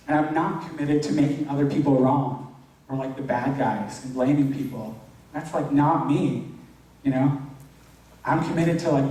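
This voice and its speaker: A man's voice: on the high side, mellow. A young man, a youth pastor, giving an informal, earnest sermon, filling his talk with "like". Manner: casual, earnest, heavy use of "like". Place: church hall. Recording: very echoey hall, distant mic.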